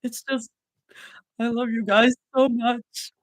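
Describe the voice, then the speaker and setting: A woman voicing a fragile young woman who speaks softly in a croaky, trembling voice. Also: medium pitch, little pitch movement, moderate pace, dry recording, natural voice, low-quality recording. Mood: tearful.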